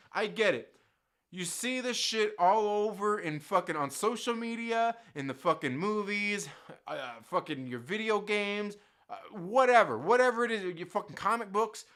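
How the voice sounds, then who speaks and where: A man's voice: high-pitched, pushed and bright. A man hosting his own channel, delivering a heated, profanity-laden rant straight to his viewers and mocking other people's views. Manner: heated, swears constantly, mocks others in put-on quotes. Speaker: YouTube channel host. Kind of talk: profane unscripted rant to camera.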